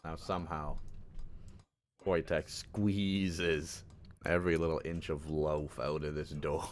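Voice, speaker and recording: A man running a tabletop game as game master, relaxed and laughing often. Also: rumbling low, takes it slowly, slight background noise.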